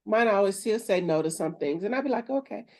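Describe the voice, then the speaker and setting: A middle-aged woman co-hosting a casual faith chat, talking quickly and playfully with squeaky quoted voices. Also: lively intonation, darkish tone. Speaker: podcast co-host.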